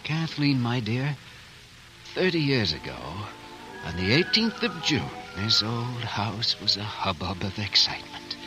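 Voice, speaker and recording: An actor playing a stern older guardian in a 1940s radio drama, forceful and commanding. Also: male voice, mid-range voice, sing-song, a little slow, poor audio. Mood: reminiscing. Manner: forceful, commanding, swings to tender. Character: stern older guardian nursing an old hatred. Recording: old radio broadcast with music.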